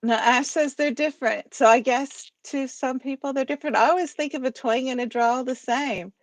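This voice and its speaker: A woman's voice: high-pitched, normal speed, no room sound. An American woman with a slight Southern drawl co-hosting a poetry livestream, chatty and giggly as she reads out viewer comments. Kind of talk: casual chat.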